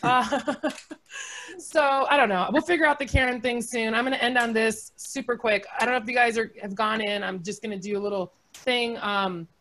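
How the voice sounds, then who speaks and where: A woman in her forties performs stand-up with a somewhat high-pitched voice. She is sarcastic and animated, and she laughs easily between punchlines. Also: moderate pace, a little hiss or hum. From United States. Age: 40s. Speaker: stand-up comedian. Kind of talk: stand-up comedy set.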